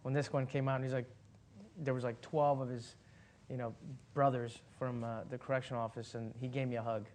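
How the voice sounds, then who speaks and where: Rambling man telling an animated anecdote. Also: mid-range voice, fairly quick. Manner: animated storyteller, rambling with many fillers and restarts; laughs as he talks. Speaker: actor guest. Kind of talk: casual anecdote at a Q&A.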